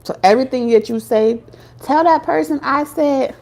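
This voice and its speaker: A woman's voice: a little high, moderate pace, a little mellow. Blunt, slangy woman reading tarot. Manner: blunt, slangy and profane, with laughs. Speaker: tarot reader. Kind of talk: casual tarot reading to viewers.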